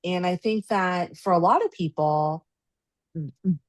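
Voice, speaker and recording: A woman's voice: on the low side, a little slow, no room sound. A woman hosting a podcast interview, chatting casually and affirming her guest often. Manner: supportive, frequent backchannel agreement. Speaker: podcast host.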